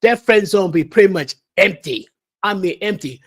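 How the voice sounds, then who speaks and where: A man's voice: high voice, animated, normal speed, slightly rough. A man hosting a livestream, ranting emphatically with a lecturing, repetitive delivery. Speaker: livestream host. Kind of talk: opinion rant on a livestream.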